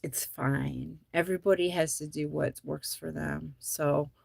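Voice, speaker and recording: A female comedian hosts a show, chatting casually to viewers in a rambling way packed with likes and ums, often laughing at her own jokes. Her gravelly voice sits low, with a steady tone and a slightly slow pace. It's studio quality with no room sound.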